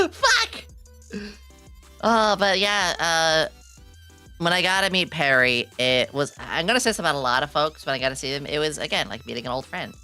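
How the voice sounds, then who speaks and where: A young adult woman streaming a casual chat, excitable and giggly, swearing freely and reading her chat aloud. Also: deep voice, brisk, soft background music. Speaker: VTuber streamer.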